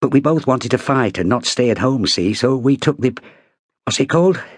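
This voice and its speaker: An earnest young soldier explains himself haltingly, as a man voices him in an audiobook. The pitch climbs above the narrator's own, with a husky edge and a dry, close sound. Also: expressive, dry recording. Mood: explaining. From Birmingham. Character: plain-spoken young male soldier, earnest.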